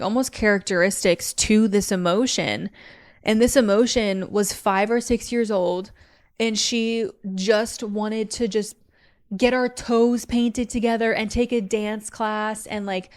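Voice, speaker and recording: Candid young woman with a smooth voice. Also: medium pitch. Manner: candid, confessional, many "like" fillers. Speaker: podcast host. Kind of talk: personal faith talk.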